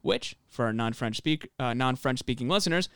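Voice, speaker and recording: Smooth-voiced man hosting a chat podcast. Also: medium pitch, lively intonation, normal speed, no room sound, studio quality. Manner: laid-back, swears casually, reads notes smoothly. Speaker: podcast host presenting the researched story. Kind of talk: casual podcast chat and read-out narration.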